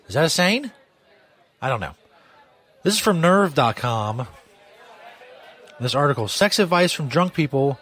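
A man hosts a live radio broadcast from a pub, laid-back and joking, laughing at his own bits, with a rowdy crowd and music behind him. His voice is mid-range and a bit bright.

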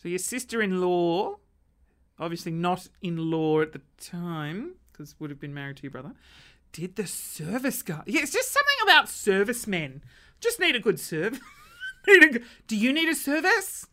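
A young Australian woman telling comic stories on her live stream. She acts out quoted lines in sudden high voices. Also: very animated, normal speed, pushed and bright. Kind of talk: comedic storytelling.

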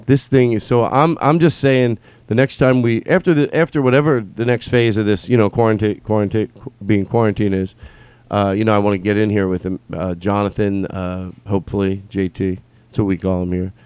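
A man's voice: fairly low pitch, steady tone, a little fast, a little mellow, clean tone, no echo. A man hosting a podcast alone in a studio, rambling casually, restarting his sentences and breaking into silly announcer bits. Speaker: podcast host. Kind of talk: casual solo podcast riffing.

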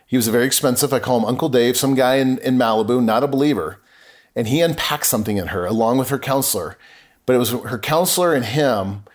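A middle-aged podcast guest tells a personal story with earnest feeling, acting out conversations he remembers. He has a mid-range voice and talks fast.

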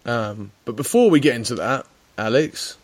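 A man's voice: mid-range voice, expressive, moderate pace. A man hosting a casual podcast, bantering with his co-host in a teasing, rambling way.

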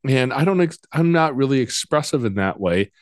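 A man hosting a casual interview, talking in a relaxed, halting way and often repeating his words. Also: medium pitch, no echo, studio quality. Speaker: podcast host.

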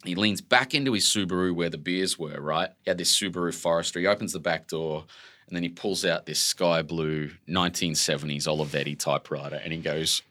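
A man in his forties with an Australian accent, a guest telling stories in an animated way, full of "like" and casual swearing. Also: low voice, fairly quick. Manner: expressive, fills speech with "like", swears casually. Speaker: author guest. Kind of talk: animated conversational storytelling.

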